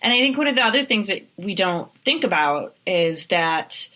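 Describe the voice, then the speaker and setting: Bright-voiced chatty podcast co-host, woman. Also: medium pitch, moderate pace. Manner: chatty, animated storytelling with many fillers. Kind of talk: casual podcast chat.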